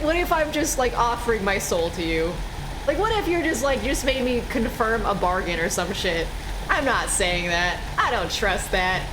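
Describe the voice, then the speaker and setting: A woman streaming a horror game, chatting casually in a voice of ordinary middle pitch. She is playful and teasing, swears freely and argues with the characters on screen. Faint room ambience sits behind her. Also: background noise. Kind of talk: casual gameplay commentary.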